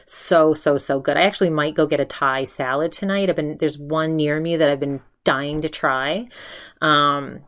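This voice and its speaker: A woman's voice: sits low, fairly even intonation, normal speed, fairly bright tone. A woman from Maine hosting a podcast, chatting casually in a rambling way with lots of fillers. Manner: chatty, rambling, full of fillers and "he's like" retellings. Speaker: podcast host. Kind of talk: casual chat recapping an episode.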